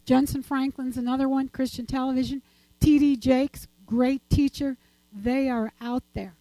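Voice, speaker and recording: Warm, chatty older woman giving testimony. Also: high-pitched, fairly even intonation, moderate pace, dry recording, poor audio. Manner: chatty and rambling, laughing often. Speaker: church speaker giving testimony. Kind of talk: informal church talk and testimony.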